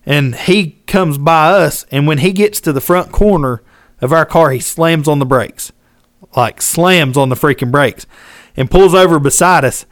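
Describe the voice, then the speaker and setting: A man tells a story over a dry, close microphone, his voice sitting a touch high for a man. He drawls, acts out every quote and laughs at his own punchlines in relaxed podcast chat. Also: unhurried, no echo. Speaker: podcast co-host.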